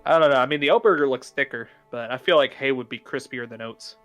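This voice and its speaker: A man's voice: mid-range voice, quick pace, a bit bright, soft background music. A young man hosting a casual online chat, hesitant and rambling, with many fillers and restarts. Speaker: podcast host ranking cartoon foods.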